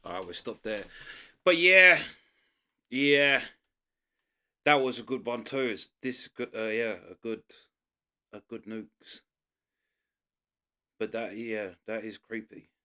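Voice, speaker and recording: A man's voice: mid-range voice, takes it slowly, pauses often, bright, forceful tone. A man, a reaction channel host, giving rambling casual commentary full of fillers and half-finished thoughts. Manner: rambling, searching for words, frequent fillers.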